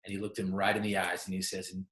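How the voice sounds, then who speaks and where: A man's voice: sits low, flat delivery, quick pace, a bit bright. A man giving a motivational talk who tells a story and asks the audience questions directly. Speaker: motivational speaker. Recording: roomy echo.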